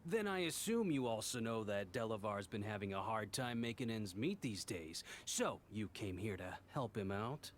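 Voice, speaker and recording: An actor playing a sly, mocking male tavern schemer in a game, smooth and taunting. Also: on the low side, sing-song, moderate pace, few pauses, a little hiss or hum. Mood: friendly. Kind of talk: game voice acting.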